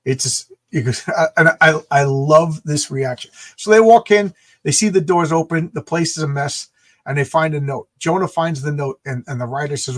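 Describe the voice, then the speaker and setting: Hosting a casual comic book show, a man enthusiastically reads and rambles over old panels, often laughing and starting over. His voice is fairly high and his pace moderate.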